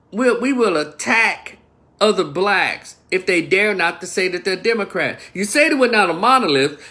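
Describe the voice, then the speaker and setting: A high, bright, forceful voice belongs to a livestream commentator from Memphis, Tennessee. He rants heatedly with frequent profanity, speaking right to his viewers in an opinion piece.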